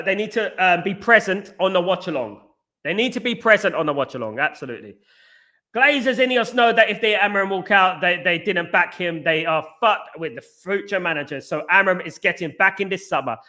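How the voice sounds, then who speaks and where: A man hosting a football fan live stream, bantering and giving shout-outs to viewers in the chat. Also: high-pitched. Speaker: host.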